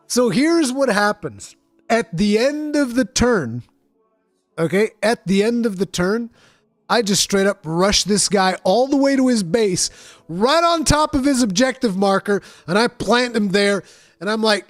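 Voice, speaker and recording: A streamer talks casually while he works, his voice a touch high and congested, with a nasal edge. He tells his stories in a lively way, swearing freely. The sound is dry, with no room echo. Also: unhurried, soft background music. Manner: animated, profane storytelling. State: nasal, stuffy from allergies. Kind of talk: casual stream chat while building models.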